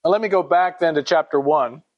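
A man's voice: on the high side, a little fast, dull audio. A man teaching a Bible study in a conversational way, reading scripture aloud and asking his listeners questions.

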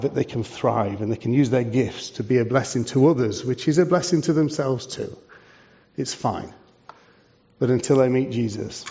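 A man's voice: medium pitch, vocal fry, a little mellow. A man, a charity leader giving a preaching talk to a church, conversational and full of rhetorical questions. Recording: dull lo-fi sound.

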